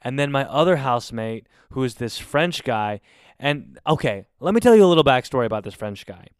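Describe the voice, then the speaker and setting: A man in his twenties telling a story casually, in an animated and exasperated way with plenty of swearing. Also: medium pitch, a little fast, smooth, no echo, studio quality. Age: 20s. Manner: animated, profane, exasperated retelling. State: recovering from covid.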